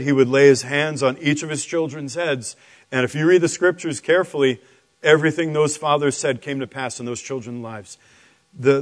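A man preaching a sermon, telling the story in an animated, conversational way with asides to the listeners. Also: medium pitch.

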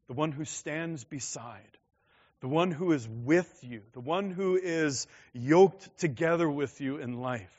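A man preaching a sermon as a pastor, in an emphatic, conversational manner, in a slightly dull lo-fi recording. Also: a little high.

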